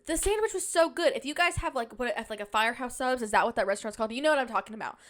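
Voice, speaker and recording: A woman's voice: fairly high pitch, expressive, racing. A young woman hosting a casual solo podcast, telling rambling stories with jokey asides. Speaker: podcast host. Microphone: podcast microphone on a stand.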